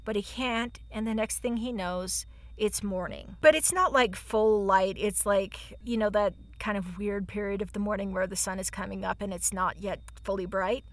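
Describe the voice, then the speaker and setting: A woman's voice: mid-range voice, fairly even intonation, moderate pace, no echo. A woman casually retelling a folktale as a podcast host, swearing freely and laughing at her own jokes. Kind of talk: casual storytelling chat.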